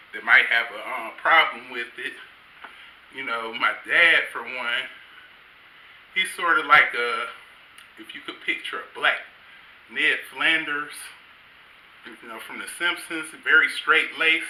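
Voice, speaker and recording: Bright-voiced grandfather doing stand-up, profane. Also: medium pitch, slight background noise. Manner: loose, profane, conversational. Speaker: stand-up comedian. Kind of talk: stand-up set. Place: comedy stage. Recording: roomy stage sound, faint ambience.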